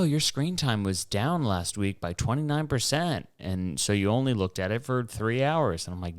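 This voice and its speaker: Young man, very low voice, smooth and clear, dry close sound, rambling casual monologue, swears a lot. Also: no echo. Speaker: podcast host.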